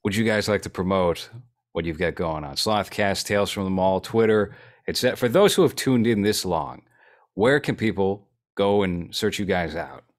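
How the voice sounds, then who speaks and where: A man with a fairly low voice hosts the chat and speaks in a measured, dry manner. He sums things up and moves the talk along. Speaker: host. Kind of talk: casual chat.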